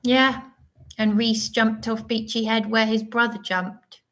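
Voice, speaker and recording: A woman's voice: fairly high pitch, little pitch movement, unhurried, fairly bright tone. A woman talks unhurriedly through a livestream monologue. She rambles and digresses, often restarting her sentences. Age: 30s. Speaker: livestream host.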